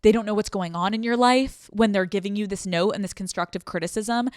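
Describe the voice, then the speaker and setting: A woman's voice: mid-range voice, a little fast, dry recording, clean studio sound. A woman hosting a solo advice podcast, talking candidly and swearing freely, and acting out the people she quotes. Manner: candid and profane, acts out quoted voices. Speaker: podcast host.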